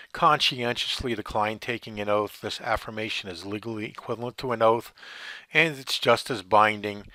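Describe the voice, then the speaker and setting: A man's voice: fairly low pitch, pushed and bright, dry recording. A man teaching notary procedure in an explanatory way, asking rhetorical questions and then answering them. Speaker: notary instructor. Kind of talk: instructional explanation.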